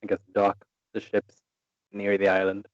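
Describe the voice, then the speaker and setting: A man's voice: on the low side, completely flat delivery, normal speed, no room sound, lo-fi sound. A man playing a tabletop game, planning his moves aloud in a hesitant way. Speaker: player.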